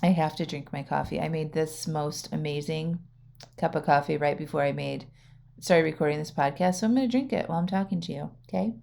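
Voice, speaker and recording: A woman's voice: low-pitched, brisk, creaky, darkish tone, slight background noise. A woman hosting her own podcast as a coach, talking casually and directly to listeners, often checking in with "right?" and laughing lightly. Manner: chatty, frequent "right?" and "okay?", laughs often. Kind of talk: casual solo podcast talk.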